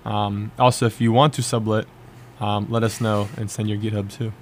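A man's voice: lowish voice, little pitch movement, normal speed, slight background noise. A young man co-hosting a college radio show, chatting casually and rambling with lots of filler words. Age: young adult. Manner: rambling, many filler likes, trailing off. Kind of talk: casual chat.

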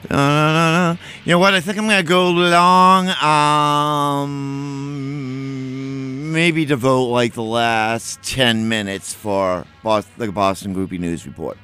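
A man's voice: medium pitch, slow, pushed and bright, smooth, faint music behind. A man hosting a college radio show, chatting casually and rambling between songs, correcting himself and humming filler beats. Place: radio studio.

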